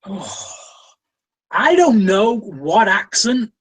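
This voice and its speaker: Slow-talking British man reviewing films. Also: sits high, big pitch swings, a bit bright, slightly rough, rough recording. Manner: opinionated, frequent fillers and restarts. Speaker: film review host. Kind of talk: casual film review chat.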